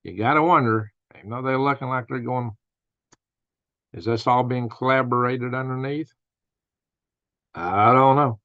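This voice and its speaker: A man's voice: medium pitch, a little slow, pauses often, a bit bright, no echo, lo-fi sound. An older man hosting a casual live-stream, telling rambling stories and laughing at his own jokes. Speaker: host of a news and commentary stream.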